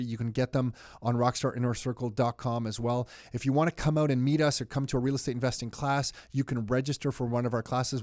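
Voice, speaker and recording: A man co-hosting a podcast in casual chat, excitable and quick to jump in. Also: mid-range voice, dry recording, studio quality. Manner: excitable, animated, jumps in eagerly. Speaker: podcast co-host.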